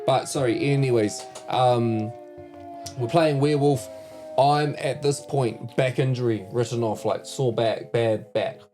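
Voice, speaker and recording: A man's voice: mid-range voice, a little slow, warm tone. A man with a New Zealand accent, a podcast host talking easily and calling others bro. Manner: easygoing, calls others "bro". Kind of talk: casual chat. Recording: music playing in the background.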